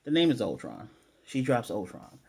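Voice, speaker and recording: A man with a mellow, mid-pitched voice talks through a TV episode recap in a loose, chatty way. He trails off, corrects himself and throws in filler words, then livens up when he shares his fan theories. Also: wildly swooping pitch, normal speed, gravelly, husky. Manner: rambling, loose, with frequent fillers and self-corrections. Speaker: TV episode reviewer. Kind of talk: casual spoiler recap and theorizing.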